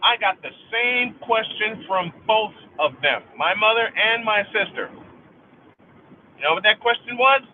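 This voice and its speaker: A middle-aged man hosts a livestream, delivering an angry, profane rant and repeating lines for emphasis. His voice sits high with lively intonation and an unhurried pace. The audio sounds tinny, like a phone, with a faint hiss or hum.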